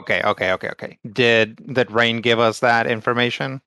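Man, tabletop player, halting casual talk, bright tone. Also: mid-range voice, fairly even intonation, clear, resonant tone, no echo. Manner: halting, restarts mid-thought. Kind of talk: tabletop game play, casual chat.

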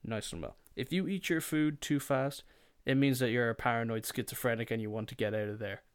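Young guy ranting on his podcast, sweary and rambling, voice sits in a middle pitch. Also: a little fast, smooth. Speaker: podcast host. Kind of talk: casual comedic storytelling.

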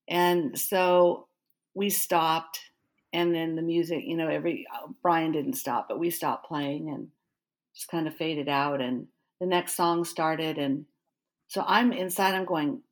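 A middle-aged woman who is a pastor and author speaks at a normal speed in a deep voice. In an interview she tells a personal story animatedly, acting out the dialogue and her own remembered inner thoughts.

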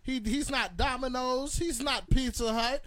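A man's voice: high-pitched, very animated, brisk, fairly bright tone, no room sound, soft background music, exaggerated voice. A man voicing a suspicious, indignant middle-aged woman who blocks a delivery man's way. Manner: indignant, accusing.

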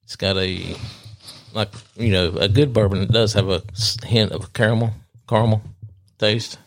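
Low-voiced easygoing man. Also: steady tone, unhurried, creaky. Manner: easygoing, laughs at the banter. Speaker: podcast co-host. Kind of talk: casual bourbon-tasting chat.

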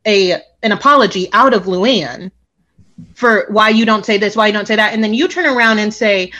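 A young woman co-hosting a casual chat, telling a story and acting out the quotes with big jumps in pitch. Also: moderate pace, pushed and bright. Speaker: podcast co-host.

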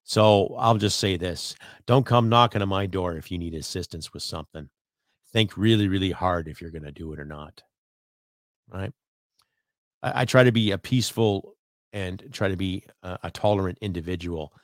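A Canadian man with a low voice hosts his own solo podcast at a normal speed, recorded with studio quality and no room sound. He rants at his audience in a blunt, profane, rambling way.

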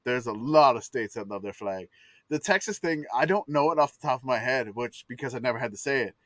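A man's voice: medium pitch, expressive, fairly quick, fairly bright tone, no echo. Rambling podcast man from Louisiana. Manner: rambling, lots of restarts and laughs. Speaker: podcast co-host. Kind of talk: casual chat. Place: home.

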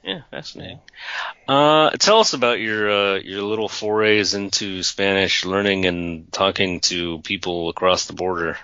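A man's voice: low-pitched, normal speed, few pauses, pushed and bright, no echo. A man hosting a casual podcast chat, agreeable and wry with dry asides. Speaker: podcast host. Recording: dry, dull lo-fi podcast audio.

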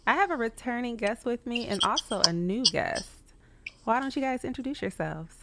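A woman hosting a casual podcast chat, keeping her voice softened and sultry on purpose. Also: a little high, expressive, moderate pace. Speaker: podcast host. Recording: heavy background noise and interference.

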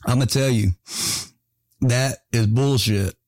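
A man's voice: mid-range voice, takes it slowly, darkish tone, no room sound. A man hosting a casual podcast chat. He laughs often, swears freely and tells stories with lots of animation. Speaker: podcast host.

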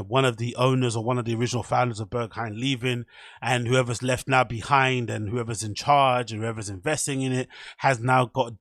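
Chatty podcast host, dry sound. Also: male voice, mid-range voice, vocal fry, fairly bright tone, no room sound. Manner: chatty, joking, self-mocking. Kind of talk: casual solo commentary.

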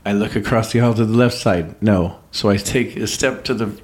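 A man's voice: on the low side, a little fast. A middle-aged man, a podcast co-host, telling a story in casual chat, swearing and interrupting himself. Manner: animated, profane, self-interrupting storyteller.

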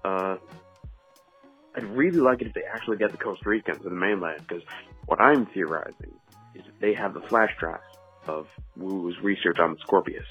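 A man's voice: low-pitched, normal speed, husky. A man calling in with a chatty, rambling voicemail review, full of fillers. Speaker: caller leaving a voice message. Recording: dull, muffled phone audio, faint music.

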